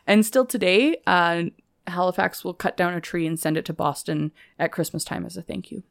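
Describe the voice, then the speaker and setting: Brief: young woman podcast co-host, low-pitched, keen and gushing over historical facts. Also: steady tone, moderate pace, vocal fry. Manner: eager, gushing about historical details. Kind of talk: casual history podcast chat.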